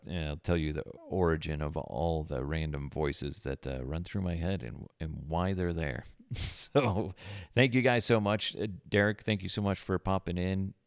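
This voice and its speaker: A man with a deep, gravelly voice talks through a casual podcast monologue from his home desk. He jokes crudely and swears freely, and the sound is close and dry. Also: dry recording. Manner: crude, joking, profane. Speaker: podcast host. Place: home office, indoors. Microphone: podcast microphone.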